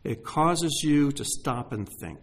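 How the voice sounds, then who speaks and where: A middle-aged man preaching a sermon, emotional, swinging from hushed asides to exclaiming. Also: medium pitch, lively intonation, slow pace. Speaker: pastor.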